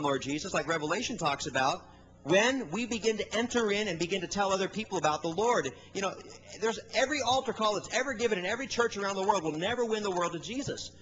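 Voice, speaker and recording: Middle-aged male preacher, high-pitched, energetic storyteller at a church service. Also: a little hiss or hum, low-quality recording. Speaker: guest preacher. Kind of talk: sermon.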